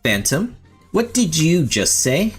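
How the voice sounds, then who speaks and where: A man's voice: fairly high pitch, sing-song, takes it slowly, slightly rough, pitched above the performer's own voice, exaggerated voice. A man voicing a haughty, ladylike young woman who speaks in a prim, formal way, over faint music. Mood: indignant.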